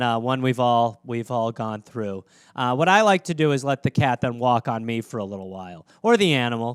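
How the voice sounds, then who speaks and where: A man hosting a podcast on his own, chatting casually in a rambling, joking way and sometimes putting on quick squeaky voices. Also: clear, resonant tone, no room sound, studio quality. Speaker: podcast host. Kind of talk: casual solo podcast chat.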